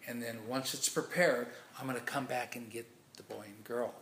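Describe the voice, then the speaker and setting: A man's voice: medium pitch, fairly even intonation, moderate pace, fairly bright tone, a little hiss or hum, close to an everyday voice. A man voicing a rich, righteous king disguised as a peasant in a story, plain and kindly. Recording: echoey room.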